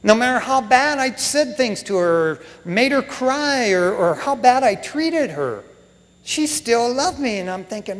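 A man's voice: very high-pitched, big pitch swings, unhurried. A middle-aged man preaching a sermon as pastor, folksy and emotional, with "man" and "you know" all through his talk. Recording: long hall reverb.

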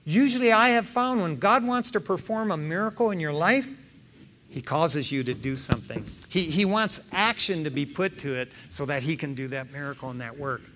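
A man preaching a sermon in a lively, conversational way, acting out the people in his story with slang. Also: a little high, normal speed, slight background noise. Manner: animated, acts out voices, conversational slang. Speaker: pastor.

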